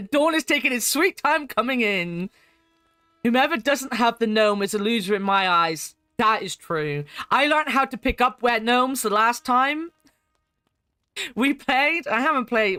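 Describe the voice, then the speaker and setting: A woman's voice: a little high, animated, a little slow, bright, forceful tone, smooth, dry recording, studio quality, soft background music. A woman streaming a game, chatting with viewers, laughing and reading chat aloud. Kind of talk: casual chat while playing a game.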